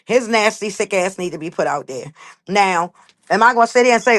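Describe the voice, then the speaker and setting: A woman's voice: fairly low pitch, animated, fairly quick. A woman hosting a livestream, talking bluntly and emphatically in a heated, profane rant. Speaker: livestream host.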